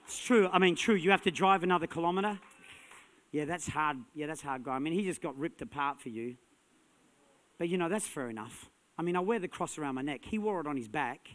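A man preaching a sermon as a pastor, energetic and punchy, building to loud emphatic peaks. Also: fairly high pitch, brisk. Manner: energetic, punchy, rising to shouts.

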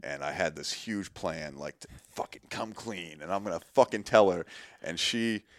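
A man's voice: low-pitched, normal speed, dry recording, clean studio sound. A man in his thirties, a guest in a workshop, telling his story candidly and animatedly, swearing often and acting out quotes. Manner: swears a lot, animated retelling with quoted voices.

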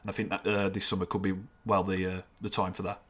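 A man co-hosting a casual football podcast, often halting and restarting as he thinks aloud. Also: low-pitched, completely flat delivery, a bit bright. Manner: halting, many restarts and fillers, earnest. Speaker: podcast co-host.

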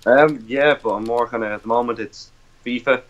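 A man with an Irish accent, a guest in a casual chat, soft-spoken and a little nervous. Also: medium pitch, fairly even intonation, a little fast. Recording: muffled lo-fi audio.

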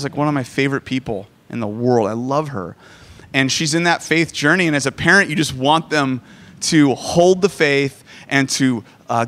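A man's voice: medium pitch, a bit bright. A man in his forties preaching a sermon, joking and self-deprecating as he talks. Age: 40s. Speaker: pastor.

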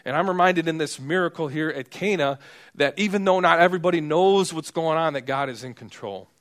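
A man's voice: on the high side, brisk, fairly bright tone. A man preaching a sermon in a conversational way, acting out the people in the story. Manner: conversational, acts out quoted characters.

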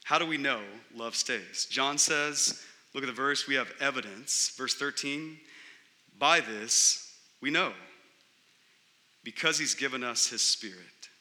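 A man pastor preaching a sermon, building his points through emphatic repetition and pauses. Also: mid-range voice, pushed and bright. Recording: long hall reverb.

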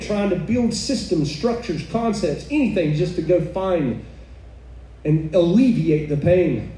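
A woman's voice: fairly low pitch, lively intonation, measured pace, mellow. A woman preaching a sermon to a live audience, fervent and exclaiming, with chuckling asides. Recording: echoey room, mic far off, faint noise.

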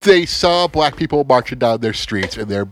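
A man's voice: mid-range voice, normal speed. A man talking casually as a podcast co-host, sarcastic and profane, often stammering and restarting his sentences. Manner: animated, sarcastic, swears a lot, stammers and restarts.

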